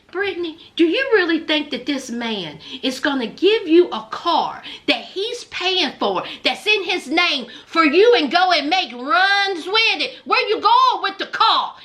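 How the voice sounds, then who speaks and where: Sassy high-voiced woman roasting reality TV. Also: sing-song, measured pace, bright, forceful tone. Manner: sassy, blunt and mocking, slipping into low muttered asides. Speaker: reality-show recap commentator. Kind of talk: comedic reaction commentary.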